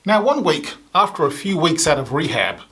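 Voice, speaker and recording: A man's voice: a little high, very animated, moderate pace, a bit bright. A male comedian telling a long storytelling bit, slipping into raised voices to act out the people in it. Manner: acts out other people's lines with a raised voice. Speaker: stand-up comedian. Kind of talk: storytelling stand-up.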